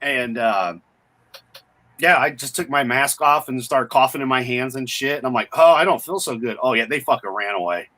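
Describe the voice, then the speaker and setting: A man's voice: mid-range voice, moderate pace, sharp tone. A man co-hosting a casual chat stream, trading crude, joking banter.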